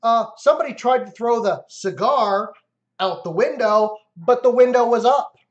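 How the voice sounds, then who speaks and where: A man co-hosting a casual chat podcast, telling an animated story and acting it out. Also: extremely high pitch, normal speed. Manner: animated storyteller who acts out the scene. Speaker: podcast co-host. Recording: dull lo-fi recording.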